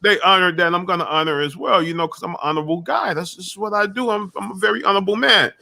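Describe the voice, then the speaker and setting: A high-pitched man with a bright, forceful voice, chatting casually as a guest. He talks emphatically and keeps circling back with profane restarts. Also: fast, creaky. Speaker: guest YouTube creator. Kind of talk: casual chat.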